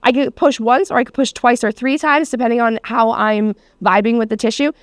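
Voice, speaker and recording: A woman's voice: fairly high pitch, fairly even intonation, a little fast, no room sound, clean studio sound. A woman teaching a hands-on massage therapy class, talking casually with lots of fillers and the odd swear word. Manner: casual, chatty, many fillers and laughs, swears.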